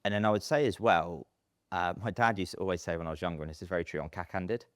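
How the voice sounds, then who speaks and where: A man in his thirties, telling stories in a casual podcast interview, chatty and animated with plenty of fillers. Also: low-pitched, quick pace, no echo, clean studio sound. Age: 30s. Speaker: podcast guest, estate agency businessman.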